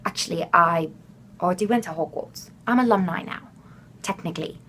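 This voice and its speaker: A woman's voice: on the low side, fairly quick, a bit bright, a little hiss or hum. Gushing young woman in put-on British accent. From Florida, USA. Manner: chatty and rambling, with many fillers; gushing and enthusiastic. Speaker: vlogger. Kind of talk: casual fan chat to camera.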